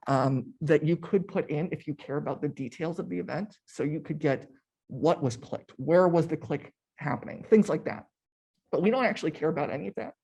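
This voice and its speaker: A man's voice: a little high, warm tone, breathy edge. A young man running a coding workshop, explaining step by step in a casual, chatty way. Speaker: workshop instructor. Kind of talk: live coding tutorial.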